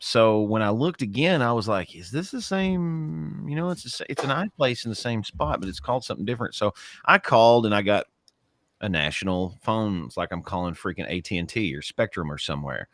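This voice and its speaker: Lively low-voiced middle-aged man. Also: brisk, no echo. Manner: animated storytelling, mimics other people's voices. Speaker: podcast co-host. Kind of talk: casual chat.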